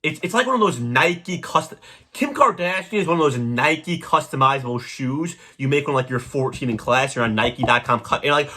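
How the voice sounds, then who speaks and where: A young man hosting a podcast, delivering a crude, rambling comedic monologue with sudden loud jumps. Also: on the high side, lively intonation, normal speed. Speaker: podcast host.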